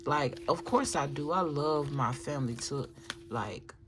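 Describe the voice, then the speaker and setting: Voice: mid-range voice, a little slow, noisy background. A tarot reader giving a casual spoken reading, rambling with restarts and filler asides, and talking straight to viewers. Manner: chatty, addresses viewers directly.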